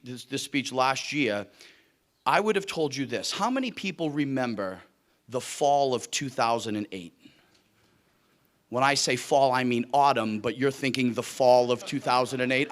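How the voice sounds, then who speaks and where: A man's voice: fairly high pitch, fairly bright tone. A middle-aged man from Cape Cod with a Boston accent, who drops his R's, giving a joking, self-deprecating keynote at a luncheon. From Cape Cod, Massachusetts. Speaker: guest speaker. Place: luncheon hall with audience.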